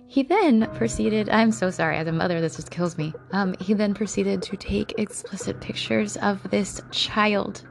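A woman at an ordinary pitch narrates a true-crime podcast in a blunt, emotional way, cursing often. Faint music plays underneath her voice. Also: vocal fry. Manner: emotional, blunt, swears freely. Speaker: podcast host.

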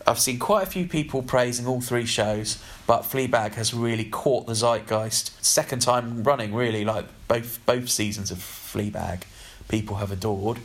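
Measured, articulate man, mid pitch. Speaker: podcast co-host. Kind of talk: casual chat about TV.

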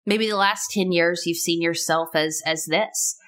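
A woman's voice: on the low side, fairly even intonation, unhurried, fairly bright tone. A woman in her thirties hosting a casual solo podcast, chatty and playful, full of rhetorical questions. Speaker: podcast host.

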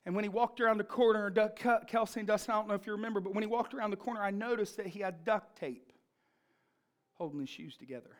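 A woman's voice: mid-range voice, fast talker. A woman preaching a sermon, telling a personal story in an emphatic, fervent manner.

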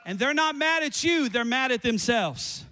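A man preaching a fiery sermon, repeating lines and building up to shouts. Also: extremely high pitch, animated, normal speed, a faint crowd.

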